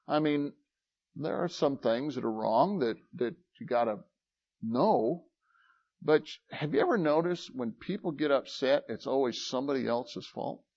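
Male pastor, slightly high, animated voice, chatty sermon delivery, close dry lo-fi sound. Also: no room sound. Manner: conversational preaching, acting out dialogues, rhetorical questions.

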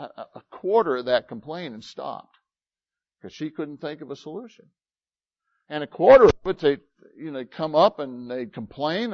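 Male pastor, slightly high, animated voice, chatty sermon delivery, close dry lo-fi sound. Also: dry recording. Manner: conversational preaching, acting out dialogues, rhetorical questions.

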